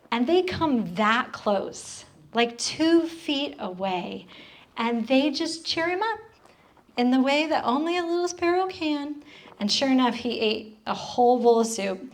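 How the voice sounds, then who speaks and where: Woman speaker, fairly high voice, church women's group talk, conversational storytelling, questions to the audience. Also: fairly bright tone. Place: church hall.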